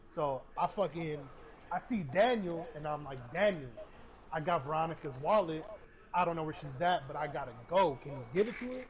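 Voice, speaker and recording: While playing a game, a young man streaming on camera tells a story full of profanity, performing every quoted line. He speaks at normal speed in a fairly high voice, over loud gunfire from the game.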